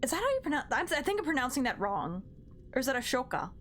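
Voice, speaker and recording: Young female streamer, high and very animated, playful chat with viewers, counts her moves out loud. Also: very fast, slight background noise. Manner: counts her jumps aloud, bubbly, talks back to chat. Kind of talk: casual live game-stream chat.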